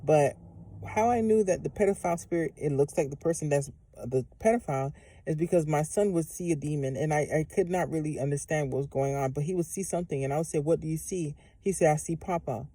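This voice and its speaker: A woman's voice: low voice, fast, warm tone, no room sound. A woman giving a casual instructional monologue as a vlogger, rambling and profane, with many fillers and restarts. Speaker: spiritual vlogger.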